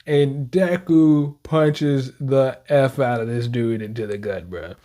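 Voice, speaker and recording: A young man casually reacting to manga chapters, reading panels aloud with slang and quick laughs. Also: medium pitch, mellow.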